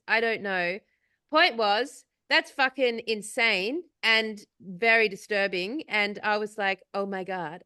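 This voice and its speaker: A woman's voice: mid-range voice, bright, forceful tone, clean tone, dry recording, studio quality. A middle-aged woman co-hosting a casual spiritual chat, rambling with many fillers and swearing freely. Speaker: podcast co-host.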